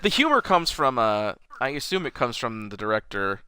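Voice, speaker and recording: Lively, animated man reviewing movies. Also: mid-range voice, moderate pace, smooth, dry recording. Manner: animated, swears and laughs freely. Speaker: movie review podcast co-host. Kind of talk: casual movie review chat.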